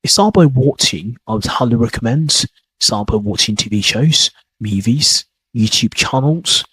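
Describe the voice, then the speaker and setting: A man's voice: medium pitch, lively intonation, measured pace, a bit bright, slightly rough, poor audio. A man hosting a podcast lesson, talking casually and rambling as he repeats his points. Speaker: accent teacher. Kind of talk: casual teaching monologue.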